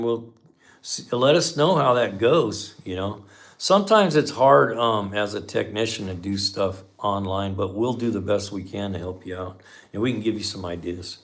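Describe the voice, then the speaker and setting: A middle-aged man hosting a live stream as a mechanic, chatting casually with viewers and telling folksy shop stories. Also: on the low side. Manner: folksy storyteller, says man a lot.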